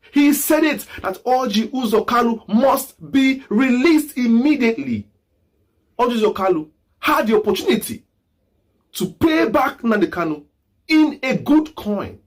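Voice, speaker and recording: Fiery man with lively, swinging pitch. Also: slightly rough. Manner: preachy, repetitive, rhetorical questions, bursts of shouting. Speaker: political commentary host. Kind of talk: impassioned political commentary.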